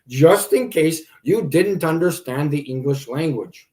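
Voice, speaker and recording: A man's voice: a little high, animated, measured pace, hardly any pauses, a little mellow. A man hosting a livestream, ranting sarcastically and with exasperation as he answers viewers' comments. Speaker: livestream host. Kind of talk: ranting live stream commentary.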